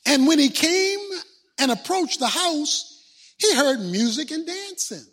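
A man's voice: extremely high pitch, sing-song, unhurried, fairly bright tone. A man preaching a sermon with an emphatic, repetitive delivery that draws in his congregation. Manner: emphatic, repetitive, call-and-response.

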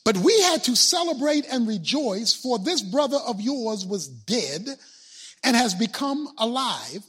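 A patient, loving father, voiced by a male preacher, speaks softly and coaxingly to his son. His voice drops lower and gentler than the preacher's own. It keeps a husky edge. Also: sing-song, measured pace, full character voice. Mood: tender. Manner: soft, coaxing, low-voiced. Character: gentle pleading father, older man, patient.

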